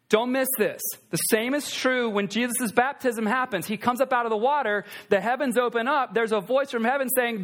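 A man preaching a sermon, conversational and animated, with asides to the congregation. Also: extremely high pitch. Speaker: pastor.

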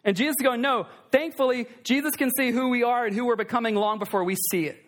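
A man preaching a sermon, conversational and animated, with asides to the congregation. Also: very high voice, fast talker. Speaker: pastor.

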